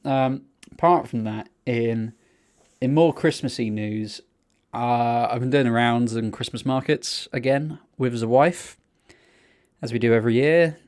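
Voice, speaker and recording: A man co-hosting a casual podcast, telling rambling, sweary anecdotes in a relaxed chatty way. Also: mid-range voice, unhurried. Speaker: podcast co-host.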